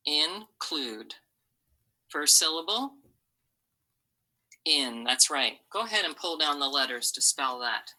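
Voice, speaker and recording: A woman teaching a recorded phonics lesson to young children, modeling words slowly syllable by syllable. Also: low-pitched, lively intonation, sharp tone, rough recording. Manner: slow, patient, syllable-by-syllable modeling. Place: online video lesson.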